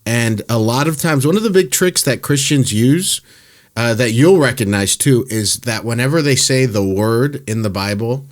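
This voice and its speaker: A young man hosting a podcast, chatting casually and telling animated stories with frequent laughter. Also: mid-range voice, normal speed. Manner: animated storyteller, laughs often. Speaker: podcast host. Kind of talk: casual chat.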